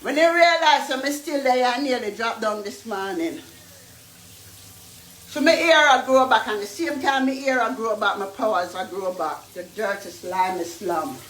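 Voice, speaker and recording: A woman's voice: fairly high pitch, moderate pace, a bit bright, reverberant, poor audio. A woman with a Jamaican accent, ranting and taunting in a vlog with heavy patois. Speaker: vlogger. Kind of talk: ranting monologue.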